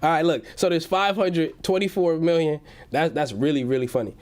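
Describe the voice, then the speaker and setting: A man's voice: a little high, brisk, darkish tone. A young man hosting a casual livestream from home, hyped and slangy, reading out chat messages. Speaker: livestream host.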